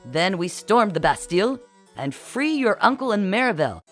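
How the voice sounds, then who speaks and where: A narrator voicing a sly, scheming male spy who talks low and conspiratorially in an audiobook. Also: big pitch swings, moderate pace, fairly bright tone, soft background music. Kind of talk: audiobook character voice.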